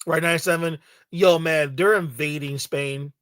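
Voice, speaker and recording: A man's voice: on the high side, steady tone, normal speed, fairly bright tone, no echo. A man hosting a podcast, ranting in an emphatic, profane, lecturing way in casual chat. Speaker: podcast host.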